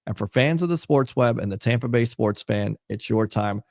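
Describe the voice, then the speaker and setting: Sports talk host, dry dull audio. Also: male voice, mid-range voice, moderate pace, dry recording. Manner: says he keeps his voice down, near monotone. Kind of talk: casual sports talk show.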